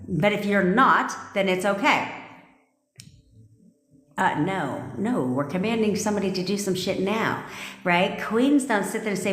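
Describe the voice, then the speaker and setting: A woman's voice: mid-range voice, animated, unhurried, fairly bright tone. Brash, profane woman coach in an echoey room. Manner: reads live comments aloud. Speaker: manifestation coach. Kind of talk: TikTok live stream. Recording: echoey room with long reverb.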